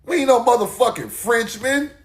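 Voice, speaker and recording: A man's voice: very high-pitched, moderate pace, echoey room. A man, talking casually and mockingly in a profane rant to his audience. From US South. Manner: animated, laughing, mocking, profane.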